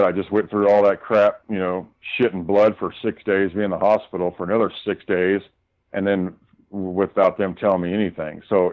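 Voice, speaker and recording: A man's voice: deep voice, narrow, tinny audio. A male guest casually recounting his run-ins with doctors in a heated, profane way. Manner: heated, profane retelling of arguments. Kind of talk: casual storytelling.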